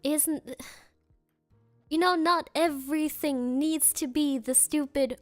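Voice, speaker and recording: A woman's voice: sits high, lively intonation, slow, fairly bright tone, dry recording, faint music behind. A woman streamer in casual chat, rambling through sarcastic rants and laughing often.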